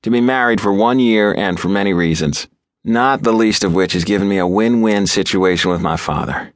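A man narrating an audiobook, playing a smooth young city businessman who talks earnestly and cautiously. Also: lowish voice, normal speed, no room sound, clean studio sound, lightly acted. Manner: earnest, hesitant.

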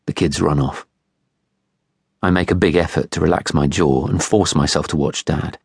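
A man narrating a literary audiobook in a measured, wry first-person style. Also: rumbling low, steady tone, gravelly, darkish tone, breathy edge, no room sound. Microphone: close studio microphone. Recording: dry close studio recording.

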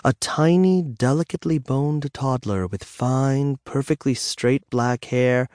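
Male fantasy audiobook narrator, measured and slow, dry studio sound. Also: mid-range voice, no room sound. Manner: measured, even storytelling.

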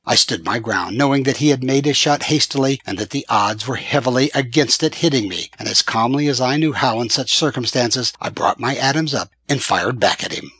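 A man reading a western audiobook as a first-person narrator, with measured, steady storytelling. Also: medium pitch, husky, no room sound.

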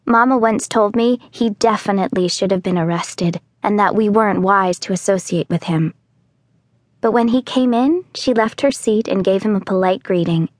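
A woman narrating a children's audiobook in the first person, telling the story calmly and clearly. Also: medium pitch, moderate pace, no room sound. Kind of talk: scripted narration.

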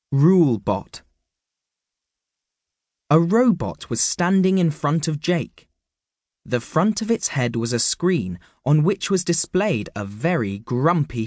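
Male storyteller, fairly high and very lively, unhurried, dry close studio sound. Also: dry recording. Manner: animated storytelling, playful emphasis. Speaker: audiobook narrator. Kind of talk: scripted narration of a children's book. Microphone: close studio mic.

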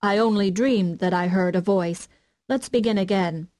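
A woman's voice: mid-range voice, normal speed, a little mellow, close to an everyday voice. A woman voicing an old male carpenter who mutters to himself and grows frightened, in a storybook reading. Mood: uneasy. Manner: muttering to himself, trembling and stammering.

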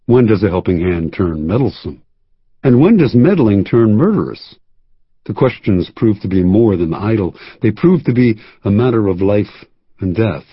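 A man narrating a legal thriller audiobook in the first person, with a measured, wry storytelling manner. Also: fairly low pitch, lively intonation, husky, no room sound, lo-fi sound.

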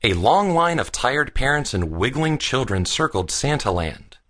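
A man reads a children's picture book aloud, taking his time over every phrase. His pitch swoops widely with expression. A soft husky breathiness runs through the voice. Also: unhurried. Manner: expressive, storytelling. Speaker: audiobook narrator. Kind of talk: children's audiobook narration.

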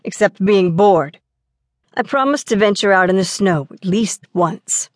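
A woman voicing a cautious, responsible boy prince who looks out for his younger brother and talks in a steady, reasoning way. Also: mid-range voice, unhurried, no room sound, studio quality, lightly acted.

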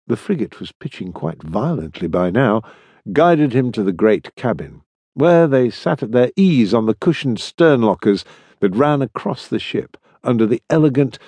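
A man narrating historical fiction as an audiobook, expressive and varied in his storytelling. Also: medium pitch, husky, no room sound.

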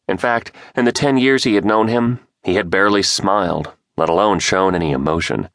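A man narrating a thriller audiobook with expressive, dramatic storytelling. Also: low voice, a little fast, no echo, clean studio sound.

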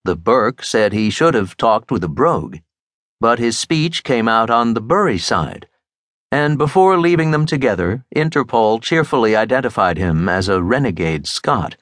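A man narrating a mystery audiobook in a crisp, expressive storytelling manner. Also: medium pitch, moderate pace, dry recording, clean studio sound. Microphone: close studio mic.

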